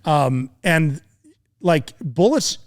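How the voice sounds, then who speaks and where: A middle-aged man with a slightly raised pitch spins a combat story in casual podcast talk. He swears freely, mimics gunfire and other men's shouts, and drifts between tension and dry humor. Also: drawn-out words. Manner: animated war storyteller, profane, acts out voices and sounds, laughs often. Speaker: podcast guest, former Navy SEAL.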